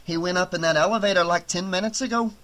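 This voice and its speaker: A man reading an audiobook, voicing an excitable teenage boy who talks in easy, gushing slang. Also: high voice, fast talker. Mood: excited. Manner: laid-back, gushing slang. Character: excitable slacker teen boy.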